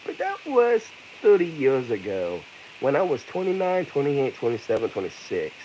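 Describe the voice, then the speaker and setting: A man's voice: mid-range voice, huge pitch swings, normal speed, mellow, muffled recording, slight background noise. A man in his thirties from America, ranting heatedly with lots of profanity and repetition in an angry vlog. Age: 30s. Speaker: vlogger.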